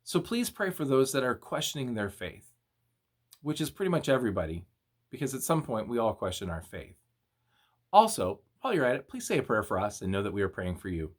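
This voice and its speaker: A young man, a youth minister, giving a casual video devotional and retelling a story in an animated, slangy way. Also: mid-range voice, a little fast.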